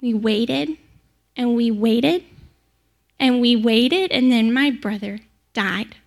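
A woman's voice: on the high side, takes it slowly, gravelly. A woman playing Mary, heartfelt and devoted. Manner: heartfelt, conversational storytelling. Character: devoted young woman disciple, sister of a raised man. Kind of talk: first-person dramatic monologue.

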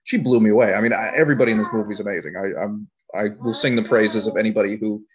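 A man's voice: on the low side, very fast, husky. A man talking about his filmmaking in a casual interview, rambling, with frequent laughter. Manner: rambling storyteller, laughs often. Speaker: filmmaker guest. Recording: dull lo-fi audio.

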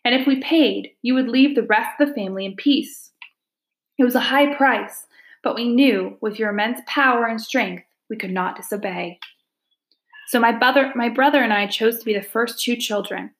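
A woman's voice: fairly high pitch, normal speed, echoey room, voice pushed up, natural voice. A woman voicing a frightened little girl who pleads before a tiger spirit in a storybook reading, her voice quivering. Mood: anxious.

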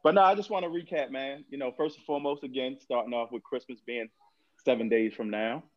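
Man, financial advisor, casual podcast chat, blunt, joking, slangy, mid-pitched, muffled lo-fi sound. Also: fairly quick. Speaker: financial advisor, show regular.

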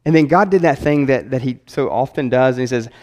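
A man's voice: medium pitch, brisk, a little mellow. A man preaching a sermon as pastor, enthusiastic and chatty, rambling with frequent restarts. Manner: enthusiastic, conversational.

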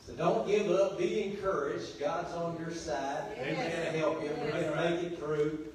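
Pastor preaching in a very echoey hall. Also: male voice, on the high side, fairly even intonation, moderate pace, far from the mic, a little hiss or hum. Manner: preaching with call-and-response, swinging between quiet and loud passages. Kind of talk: sermon. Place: church sanctuary. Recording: very echoey church hall, voice from afar.

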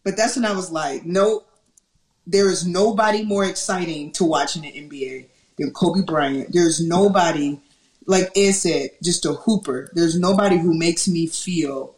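A woman co-hosting a casual sports chat, telling stories with lively acted-out quotes. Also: fairly low pitch, normal speed, echoey room. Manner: animated storyteller who acts out quotes.

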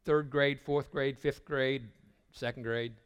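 Older man, retreat preacher, sermon delivery, mid-pitched voice, repeats words as he starts, hushed in tender moments. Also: fairly even intonation, slow pace, clean tone. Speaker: retreat speaker.

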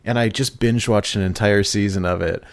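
A man casually telling a long story on a podcast, excited and laughing as he goes, often acting out quotes. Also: fairly low pitch, moderate pace. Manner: animated storytelling, laughs, mimics people in quotes. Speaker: podcast host.

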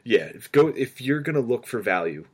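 A man's voice: mid-range voice, normal speed, slightly rough. A man co-hosting a casual sports podcast, who tells stories animatedly and acts out what people said. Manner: animated storyteller, acts out quotes. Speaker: podcast co-host.

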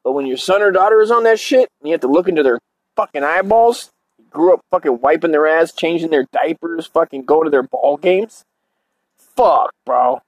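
A man's voice: a little high, expressive, moderate pace, dry recording, lo-fi sound. A man hosting a show, delivering a crude, rambling comedic rant full of swearing. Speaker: show host.

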